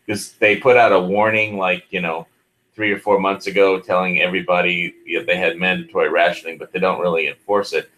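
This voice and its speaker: A man chats on an online panel and rambles, filling gaps with "you know" and "like." His voice is very low. The tone is bright and edged. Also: level tone, fairly quick, slight background noise, rough recording. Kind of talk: casual online panel chat.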